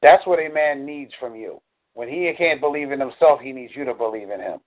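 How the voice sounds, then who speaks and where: Over a tinny phone line, a dating coach on a coaching call speaks in a mid-range voice, a little fast. He explains earnestly, draws on examples, and says "y'all."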